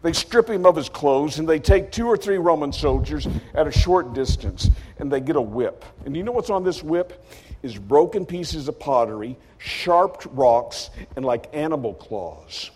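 A man preaching a sermon as a dramatic story, acting out the characters with sudden loud outbursts. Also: fairly high pitch, animated, moderate pace, big-room sound, slight background noise.

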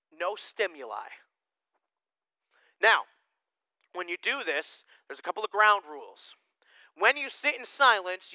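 A male pastor preaching a sermon in a casual, animated way, swinging from loud emphasis to hushed asides. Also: high voice, smooth, dry recording, poor audio.

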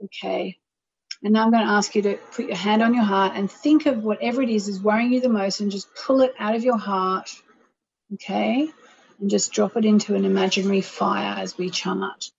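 This woman hosts a call-in radio show as an astrologer, leading a guided meditation and chants while chatting soothingly with callers. Her mid-range voice is gravelly, darkish, and breathy, holding a steady tone at a moderate pace. The lo-fi audio comes through a plain microphone with no reverb.

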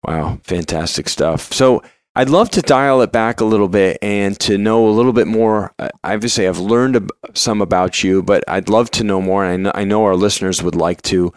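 A man's voice: fairly low pitch, moderate pace, few pauses, clear, resonant tone, no room sound, clean studio sound. A man hosting a podcast who asks friendly, affirming questions with small hesitations. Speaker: podcast host. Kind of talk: casual interview.

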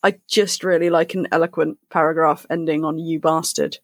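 A woman co-hosting a book podcast, recapping the plot in quick alliterative summaries and chatting casually. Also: low-pitched, level tone, no room sound, studio quality. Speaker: podcast co-host.

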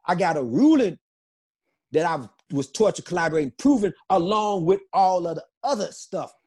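Husky-voiced man, emphatic and insistent. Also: fairly high pitch, a little mellow. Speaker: interview guest. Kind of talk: emotional interview testimony.

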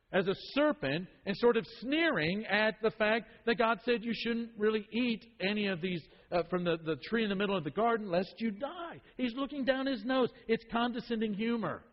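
A pastor with a high voice preaches an emphatic sermon, repeating phrases and swinging from loud to a hush before rising again. The recording is muffled and lo-fi, with a long reverb trailing his words through the hall.

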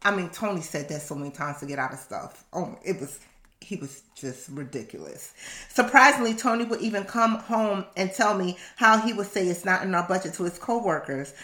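A woman reading from her own book on a podcast, assertive and animated, breaking off into laughing asides. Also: lowish voice, fairly quick, roomy sound. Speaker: author and podcast host.

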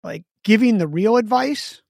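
A man's voice: high-pitched, normal speed, gravelly, dry recording, clean studio sound. A man co-hosting a business podcast, telling stories animatedly and acting out both sides of conversations. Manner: animated storyteller, acts out both sides of dialogue. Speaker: podcast co-host.

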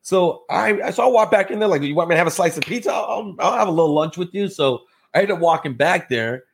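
A real estate investor appearing as a podcast guest tells stories casually in conversation. His voice is higher and gravelly, and he talks quickly and animatedly, acting out quotes with big jumps in pitch.

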